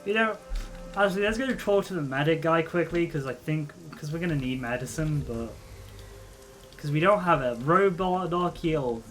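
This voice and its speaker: A man's voice: on the high side, expressive, normal speed, fairly bright tone, faint music behind. A male streamer giving casual gameplay commentary, rambling and restarting his sentences. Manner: rambling, trails off and restarts a lot.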